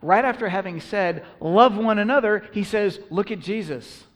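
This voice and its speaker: A man's voice: high voice, normal speed, long reverb tail. A man preaching a sermon as pastor, earnest and emphatic, with rhetorical questions.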